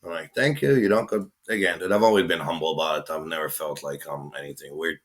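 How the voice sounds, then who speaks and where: A man, a guest telling stories casually, animated and swearing as he acts out what people said. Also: rumbling low, fast. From Israel. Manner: animated, swearing, acting out quotes. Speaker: guest, tattoo artist. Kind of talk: casual storytelling.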